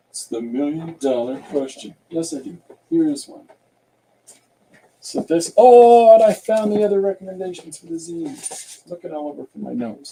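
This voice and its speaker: A man's voice: a little high, creaky, warm tone, a little hiss or hum. An older man hosting a casual livestream chat, rambling and hesitant, with lots of filler sounds. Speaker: podcast host.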